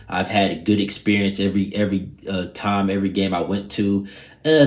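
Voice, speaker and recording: A young man, casually vlogging in a loose, rambling, profane way that turns animated when he retells a story. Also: on the low side, roomy sound. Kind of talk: casual vlog chat.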